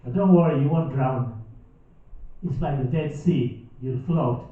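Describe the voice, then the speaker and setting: A man doing a stand-up comedy set on a theatre stage, with dry, deadpan, mock-serious delivery and audience laughter behind him. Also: mid-range voice, a little slow. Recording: echoey, distant, phone-like live hall recording.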